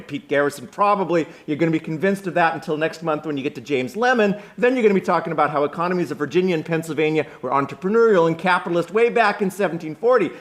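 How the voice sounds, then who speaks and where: A man voicing a sharp, cocky young working-class genius with a Brooklyn accent, firing off cutting put-downs. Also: a little high, pitched above the performer's own voice, natural voice.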